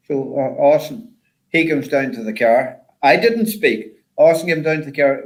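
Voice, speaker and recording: A man's voice: mid-range voice, normal speed, poor audio. Older man telling rally stories. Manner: rambling, repeats words, animated when quoting others. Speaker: guest, former rally driver. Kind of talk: casual storytelling chat.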